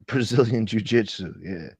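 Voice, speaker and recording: Profane ranting man, low voice. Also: darkish tone, husky, no room sound. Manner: profane, ranting, reads donations aloud. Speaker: livestream host. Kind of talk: casual livestream chat.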